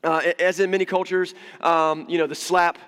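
A pastor delivers a conversational sermon, joking and going off on asides as he teaches. His voice sits a bit high for a man. A long reverb from the large hall trails after his words. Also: little pitch movement, normal speed, a bit bright, clear, resonant tone. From United States. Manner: conversational, humorous, with frequent asides and restarts.

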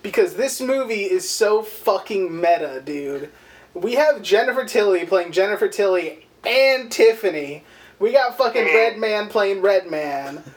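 A man's voice: sits high, animated, a little slow. Profane, rambling podcast co-host, a man. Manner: profane, rambling, acts out quotes. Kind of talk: casual movie recap chat.

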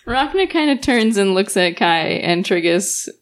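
A woman's voice: medium pitch, big pitch swings. A woman playing a tabletop game, talking hesitantly. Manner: hesitant, slow, laughing. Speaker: player.

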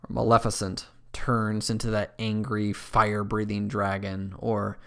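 A man preaching a sermon as pastor, earnest, dropping to a hush at dramatic moments. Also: lowish voice, monotone, a little slow, vocal fry, hardly any pauses, clean tone.

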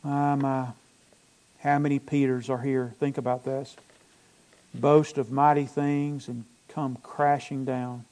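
A male pastor from North Alabama with a Southern accent preaches a sermon in church, retelling scripture with animated, emphatic bursts. His voice is medium-pitched and he takes it slowly.

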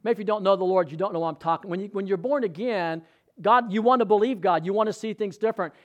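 A man's voice: sits high, quick pace, highs cut off. A male pastor preaching a sermon in a conversational, storytelling way, often asking the congregation questions.

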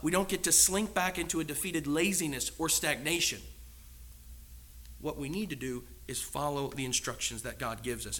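Bright, emphatic male preacher. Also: on the high side. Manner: earnest and emphatic, with many rhetorical questions. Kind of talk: sermon.

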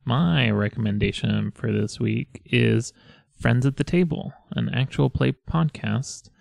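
A man's voice: medium pitch, measured pace, creaky, darkish tone, no echo, clean studio sound. A man co-hosting a podcast, chatting casually and rambling, often breaking into laughter. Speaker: podcast co-host. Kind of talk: casual chat.

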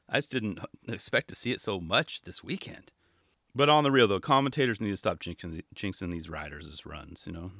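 A man's voice: medium pitch, pushed and bright, no room sound, clean studio sound. A man talking casually about skateboarding commentary, laughing often and mimicking other commentators. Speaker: skateboarding podcast host and contest commentator. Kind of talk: casual monologue.

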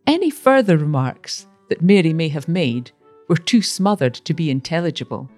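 A woman narrating a story with a measured, expressive reading. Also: low voice, faint music behind.

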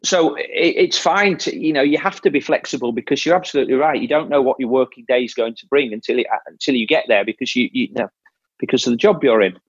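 A man's voice: medium pitch, fast, breathy edge, no echo, highs cut off. A man coaching an athlete in casual talk, explaining step by step and often restarting his phrases. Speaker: triathlon coach.

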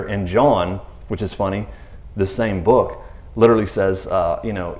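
A man talking casually about scripture in a laid-back, slangy way, retelling stories with lively asides. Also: lowish voice, moderate pace. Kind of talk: casual faith talk. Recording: roomy echo.

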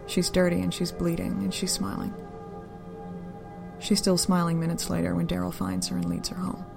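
Low, gravelly woman narrating a story. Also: completely flat delivery, normal speed, over music. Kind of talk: audiobook-style story narration.

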